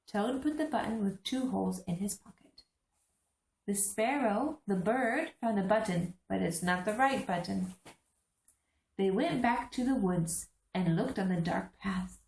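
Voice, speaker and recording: A woman reading a children's book aloud to English learners, pausing like a teacher to point out the pictures. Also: mid-range voice, gravelly, darkish tone, echoey room.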